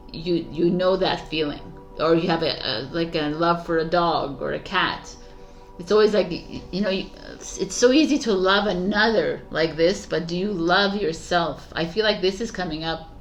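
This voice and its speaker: A woman reading tarot cards for viewers in a loose, rambling way, often breaking into laughter as she talks about letting go and self-love. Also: lowish voice. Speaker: tarot reader. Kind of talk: casual tarot reading monologue.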